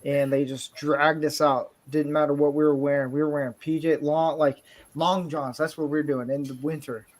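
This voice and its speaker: A man's voice: a little high, flat delivery, normal speed. Rambling, joking man on a casual stream. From southern Florida. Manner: rambling, joking, self-interrupting. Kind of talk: casual chat. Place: California home.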